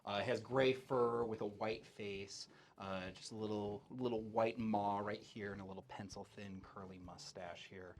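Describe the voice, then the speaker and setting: A man's voice: fairly low pitch, moderate pace, few pauses, slight background noise. Man narrating as game master. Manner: relaxed, filler-heavy narration.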